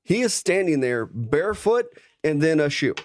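A man's voice: fairly high pitch, sing-song, normal speed. Swearing man in casual podcast banter. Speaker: podcast co-host. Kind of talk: casual chat.

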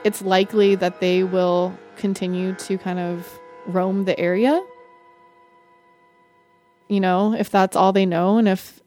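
A woman telling a personal story in a lively, conversational way, often saying "like" and acting out what people said. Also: mid-range voice, unhurried. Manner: animated, frequent "like", acts out quoted dialogue. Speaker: guest storyteller. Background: faint music score.

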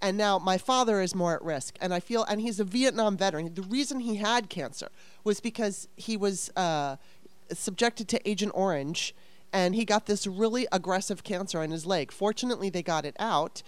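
A woman venting in a heated casual conversation, fast and exasperated, swearing often. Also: mid-range voice, clean tone, dry recording.

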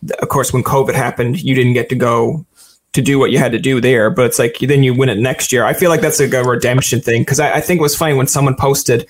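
A man's voice: mid-range voice, steady tone, fast. A man hosting a podcast interview in casual chat, playful and jokey, rambling with lots of fillers. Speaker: podcast host.

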